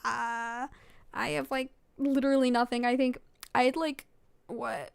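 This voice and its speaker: Sleepy giggly young woman, high voice. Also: level tone, a little slow, creaky, clear, resonant tone, no room sound. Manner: giggly, rambling, full of fillers. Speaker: vlogger reading fan fiction. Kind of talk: casual late-night reading aloud.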